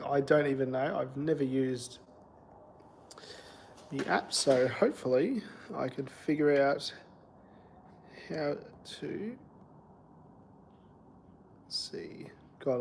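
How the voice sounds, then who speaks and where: A man's voice: medium pitch, a little slow, vocal fry, long pauses, darkish tone, a little hiss or hum. Chatty Australian man in a shed. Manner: chatty, self-deprecating, greets viewers. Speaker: car channel host. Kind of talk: casual live stream chat. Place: cold home shed.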